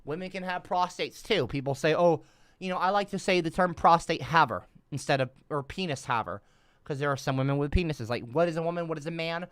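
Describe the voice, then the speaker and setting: A man doing rambling, sarcastic livestream commentary, cursing often, trailing off mid-sentence and swinging between mumbles and loud outbursts. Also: fairly high pitch, brisk, clean tone, dry recording.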